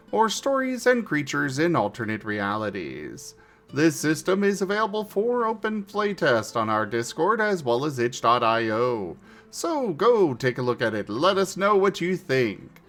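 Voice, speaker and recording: A man's voice: a little high, a bit bright. Theatrical man introducing a tabletop stream. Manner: theatrical, playful announcer delivery. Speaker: host and player.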